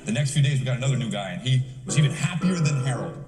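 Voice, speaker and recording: A man's voice: medium pitch, lively intonation, very fast. A man doing a stand-up routine, telling a profane story animatedly and acting out voices. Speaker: stand-up comedian. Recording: echoey theater from far off with loud music.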